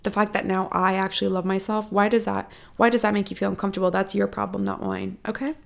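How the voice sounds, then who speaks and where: Young woman podcast host, slight fry in her voice, expressive and profane, casual motivational monologue recorded at home. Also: medium pitch, fast. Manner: expressive, profane, animated emphasis. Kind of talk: casual motivational pep talk. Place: apartment room at home.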